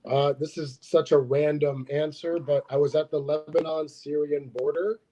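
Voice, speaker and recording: A man guest telling a story in a relaxed way over dull, lo-fi call audio. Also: a little high, moderate pace. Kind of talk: casual comedy storytelling.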